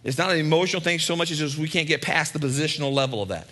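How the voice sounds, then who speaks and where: A man's voice: on the high side, rapid-fire, fairly bright tone. A male pastor preaching a sermon in a conversational way, with asides and repeated lines for emphasis.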